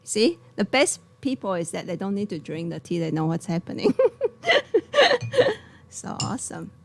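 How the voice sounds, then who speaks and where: Gravelly-voiced woman chatting about tea. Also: lowish voice, lively intonation, moderate pace. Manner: laughs often, loose non-native grammar. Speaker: tea shop co-host. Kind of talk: casual live-stream chat.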